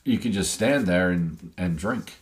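A man with a fairly low voice chats easily on a sports podcast. He is relaxed and chuckles often. He keeps his replies short between longer stretches of his own stories. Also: a little slow. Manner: easygoing, chuckles, short back-channel replies. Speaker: podcast co-host. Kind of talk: casual sports chat.

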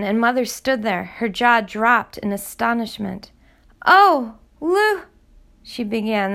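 A woman reads a novel aloud at a middle pitch, her voice carrying a gravelly rasp of vocal fry. She tells the story in a steady, measured way. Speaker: audiobook narrator. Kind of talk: scripted narration.

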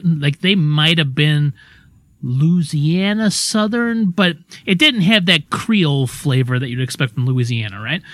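Radio co-host, male, bit higher voice, loose storyteller who keeps going off on side tracks. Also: dry recording. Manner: rambling, animated, self-interrupting. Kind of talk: casual storytelling on air.

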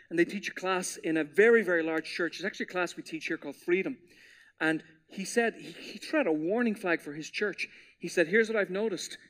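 Animated high-voiced male preacher. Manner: animated storytelling preacher, acts out quotes with playful voices. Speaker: pastor. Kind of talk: sermon.

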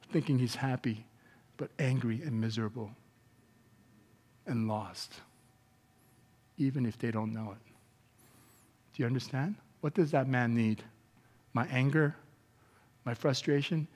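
A man preaching a sermon as pastor, moving between calm teaching and loud, animated outbursts. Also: medium pitch, big-room sound. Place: church sanctuary.

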